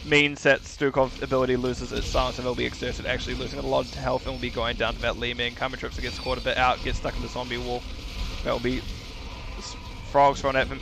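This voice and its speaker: A man with a New Zealand accent giving fast, casual play-by-play commentary on a live esports match. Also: mid-range voice, a bit bright. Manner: rapid play-by-play, casual asides. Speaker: esports caster.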